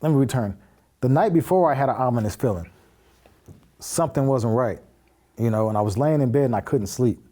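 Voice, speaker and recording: This man's medium-pitched voice is expressive and brisk, with a dark tone and many pauses. Appearing as a podcast guest, he relaxedly recounts something that happened to him, voicing the quoted lines himself, talking bluntly with lots of fillers and curse words.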